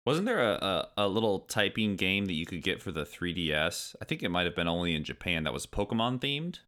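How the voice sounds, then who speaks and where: A man co-hosting a podcast in casual chat, joking and quick to laugh, with wisecracking asides. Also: deep voice, very animated, a bit bright. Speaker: podcast co-host.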